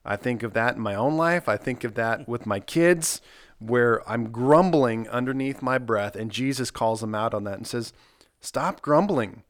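A man's voice: medium pitch, normal speed. A middle-aged man co-hosting a casual devotional chat, earnestly walking through his Bible study points one by one. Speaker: podcast co-host leading Bible discussion.

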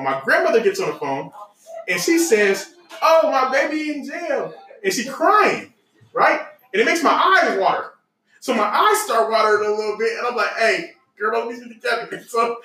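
Male podcast host, lively laughing storyteller, bright voice, roomy sound from off-mic. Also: very high voice. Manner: laughing, animated storyteller with loose casual grammar. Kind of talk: casual storytelling chat. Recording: echoey room, mic at a distance.

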